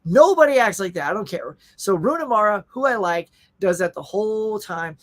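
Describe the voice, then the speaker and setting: A man's voice: high-pitched, animated, normal speed. A middle-aged man hosting a casual live stream, chatting animatedly and reading viewer comments aloud. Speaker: host.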